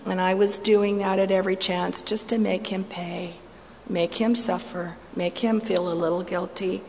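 A middle-aged woman tells her story in sermon style, playful at times, then hushed and intense. Her voice carries through a large hall with a long, lingering reverb. A faint ambient hum sits underneath. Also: medium pitch, steady tone, moderate pace, creaky. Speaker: speaker giving a testimony. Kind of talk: sermon-style personal testimony.

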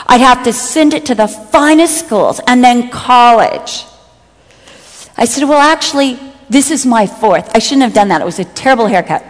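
This sermon to women comes from a middle-aged woman whose voice is a little high and animated, at a normal speed. She tells personal anecdotes and acts out quoted friends for laughs, and the sound has a long hall echo.

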